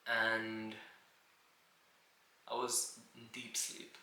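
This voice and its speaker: A man recounts a personal memory in a slow, reflective manner, looping back over his points. His low voice has a gravelly rasp, a flat delivery and a bright, sharp tone. The recording sounds roomy, with a faint hiss behind it. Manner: reflective, unhurried, circles back with "and again". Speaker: video diarist. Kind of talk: personal storytelling monologue.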